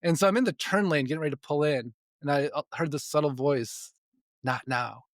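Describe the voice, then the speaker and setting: A man in his forties, a spiritual development coach appearing as a podcast guest, tells stories from his life in casual conversation. He talks fast in a slightly high voice, often restarting and repeating words and chuckling between sentences. The recording is close and dry, with no echo.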